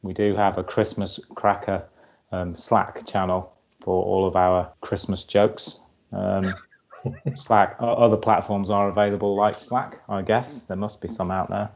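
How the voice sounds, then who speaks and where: A man with a fairly low voice co-hosts a podcast, delivering dry, wry quips. The sound is a bit dull and lo-fi. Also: steady tone, a little slow, creaky, darkish tone, slight background noise. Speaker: podcast co-host. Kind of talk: casual chat.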